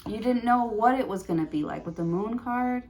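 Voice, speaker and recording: A woman's voice: on the high side, animated, moderate pace, a little mellow. A woman giving a prerecorded tarot reading, thinking aloud with many fillers and restarts. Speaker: tarot reader.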